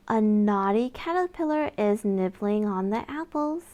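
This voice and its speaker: Reading a picture book to young children, a woman uses a gentle, sing-song delivery with little gasps and questions for her listeners. Her voice sits at medium pitch with lively intonation and a slow pace.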